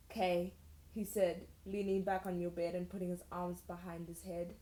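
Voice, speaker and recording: A woman's voice: on the low side, little pitch movement, normal speed, warm tone. A young woman reading old fan fiction aloud and breaking off for sarcastic, incredulous asides. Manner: sarcastic, incredulous asides between read passages. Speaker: YouTuber. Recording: roomy echoey room.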